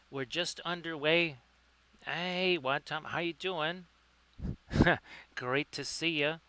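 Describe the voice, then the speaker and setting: A male host chats through a live-streamed miniature painting lesson. His voice is bright and crisp. He stays upbeat, greets viewers by name and corrects himself mid-sentence. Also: on the high side. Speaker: livestream host, painting tutor.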